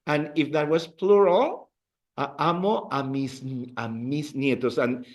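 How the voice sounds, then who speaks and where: A man's voice: fairly high pitch, a little slow. A man teaching a beginners' Spanish class in a classroom, patiently repeating words for the students to echo. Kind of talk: classroom language lesson.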